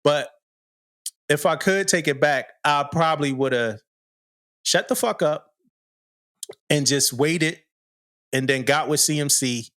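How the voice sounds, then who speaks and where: A man's voice: a little high, measured pace, pauses often, fairly bright tone, no echo, clean studio sound. Laid-back slangy man telling a story. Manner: laid-back, slangy, lots of "you know what I mean", laughs while telling. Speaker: podcast co-host. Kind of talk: casual storytelling chat.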